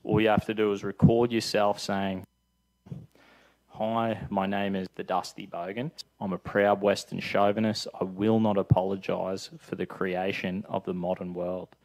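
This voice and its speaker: A man's voice: low-pitched, little pitch movement, normal speed, darkish tone, low-quality recording. A man putting on a brash Aussie bloke. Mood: swaggering. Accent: Australian. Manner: boastful, swaggering, slangy. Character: brash crude Aussie bloke, boastful larrikin. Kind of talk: comedy sketch clip.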